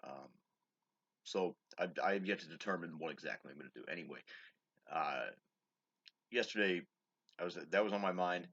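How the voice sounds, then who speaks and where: A man's voice: sits low, fairly bright tone, lo-fi sound. A man in his thirties rambling in a casual vlog about his day, swearing a lot and restarting his sentences often. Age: 30s. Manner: profane, halting, with many restarts and fillers. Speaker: vlogger. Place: his own bedroom.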